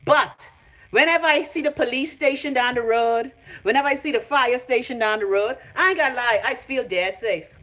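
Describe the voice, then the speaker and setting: A woman's voice: high voice, a little fast, a bit bright. A Bahamian woman ranting on a phone live stream from her home, brash, profane and mocking. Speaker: vlogger.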